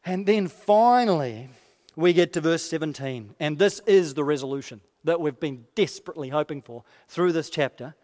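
A man preaching a sermon expressively, dropping quiet and low for quoted lines. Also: expressive, normal speed. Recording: long hall reverb.

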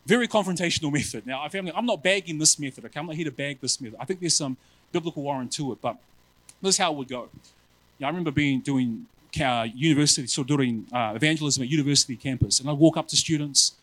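A male preacher giving a sermon in an animated, self-mocking way, often calling his listeners family. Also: fairly high pitch, quick pace, no room sound, low-quality recording.

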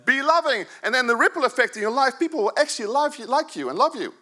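At a church service, a pastor in his fifties preaches a humorous, energetic sermon at a fast clip. His very high voice swings from loud bursts to soft asides.

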